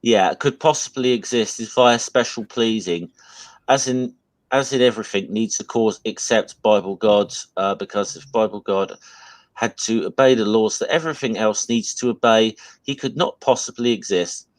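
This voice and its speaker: A man's voice: on the low side, moderate pace, no echo, poor audio. A British man in casual chat, reading comments aloud in an easygoing way. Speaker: guest.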